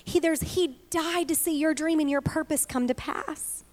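A woman's voice: high voice, normal speed, a little mellow. A woman preaching a heartfelt sermon to a women's gathering, earnest and openly emotional. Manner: earnest, emotional, tearful at times. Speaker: women's ministry speaker.

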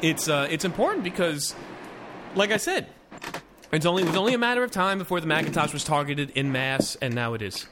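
Guy hosting a tech podcast, kinda high voice, loose reading w asides, noisy recording. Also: lively intonation, a little fast. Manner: reads news items with loose asides, restarts and fillers. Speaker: podcast host. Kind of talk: casual tech podcast chat.

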